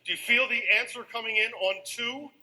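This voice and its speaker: A man lecturing on music to a live audience, with a high, piercingly bright voice. He talks with animated energy and gets the audience counting beats and chanting rhythms along with him. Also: brisk, low-quality recording.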